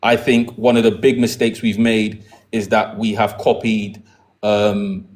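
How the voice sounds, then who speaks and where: A man with a British accent, raised in the UK, answers in a measured, conciliatory way. His voice sits slightly low, and he often stammers as he starts a sentence. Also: flat delivery. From United Kingdom. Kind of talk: conversational debate.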